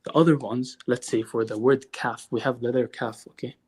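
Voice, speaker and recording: Husky man arguing in halting bursts. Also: medium pitch, steady tone, a little mellow. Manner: halting, repeats words, insists on being heard. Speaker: caller. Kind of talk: call-in debate.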